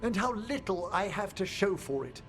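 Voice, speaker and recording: A courtly old scholar of death magic. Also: male voice, sits high, animated, fairly bright tone, faint music behind. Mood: formal. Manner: formal, measured, wistful. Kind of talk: video game dialogue.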